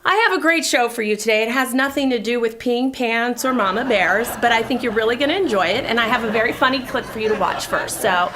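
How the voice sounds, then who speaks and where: A woman's voice: fairly high pitch, fast talker, hardly any pauses, background noise. A woman in her thirties hosting a talk show, telling a confessional story to a studio audience in a chatty way. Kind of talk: comedic monologue to a studio audience.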